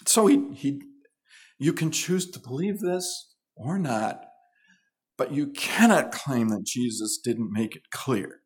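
A man's voice: medium pitch, expressive, slow. Emphatic male preacher teaching scripture. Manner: earnest, emphatic teaching with rising stresses. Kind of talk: sermon.

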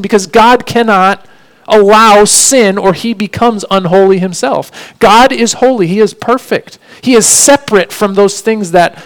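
A man's voice: sits high, smooth. A man preaching a sermon in an earnest way, often asking his listeners questions. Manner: earnest, asks rhetorical questions.

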